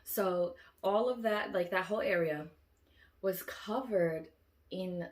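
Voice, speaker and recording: A woman telling a long dream story in a casual, rambling way, full of fillers and restarts, who loudly acts out her own quoted lines. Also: fairly low pitch, slow pace. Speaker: vlogger recounting a dream.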